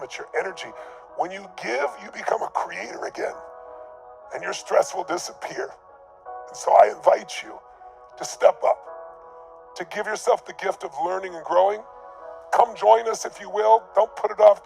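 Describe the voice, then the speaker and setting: A man giving a motivational talk, telling a personal story in an emphatic, intense way with a gravelly voice. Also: sits high, darkish tone. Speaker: motivational speaker.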